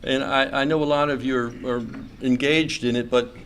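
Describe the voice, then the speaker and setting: A man's voice: medium pitch, steady tone, normal speed, fairly bright tone, a little hiss or hum. A middle-aged man from Louisiana, a state senator giving a folksy club speech full of fillers and restarts. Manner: folksy, hesitant with many fillers and restarts, joking. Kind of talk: after-lunch club speech. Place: club meeting room.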